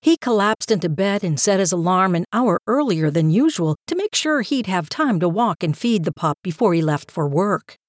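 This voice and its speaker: A woman reading a story aloud in a calm, even storytelling manner with a gentle lilt. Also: fairly low pitch, normal speed, hardly any pauses, no echo, studio quality. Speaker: narrator. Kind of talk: scripted story narration.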